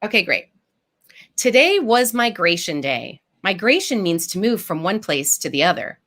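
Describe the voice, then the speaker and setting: A woman author giving a live storytime over a video call, reading her picture book with lively expression and stopping to explain words simply for children. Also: mid-range voice, normal speed.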